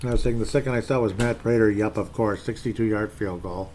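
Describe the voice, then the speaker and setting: Brisk and fairly even in intonation, a man with a lowish, darkish voice vents casually about how his team played. As a sports fan commentator on his own, he rambles, reads posts out loud, and sounds fed up over slight background noise.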